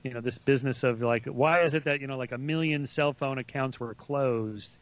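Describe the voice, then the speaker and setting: A man's voice: medium pitch, moderate pace. A man speaking as a guest author in a casual radio interview, hesitant and full of fillers and restarts.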